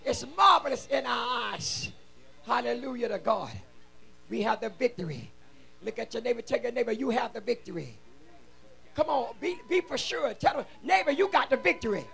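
A man preaching a shouted revival sermon in a church, fervently chanting and exhorting the congregation in call-and-response. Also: very high-pitched, lively intonation, fairly quick, faint music behind. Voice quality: gravelly, husky. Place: church sanctuary.

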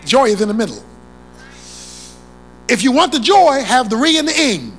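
A preacher giving a sermon, emphatic and repeating key phrases, swinging between loud declarations and hushed asides. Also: medium pitch, big pitch swings, normal speed, a little hiss or hum, poor audio.

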